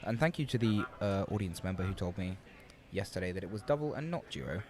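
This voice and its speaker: Deep-voiced young male sport commentator. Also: lively intonation, brisk, a little mellow. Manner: chatty and playful, fond of wordplay. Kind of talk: casual live commentary. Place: outdoors on a riverbank at a regatta.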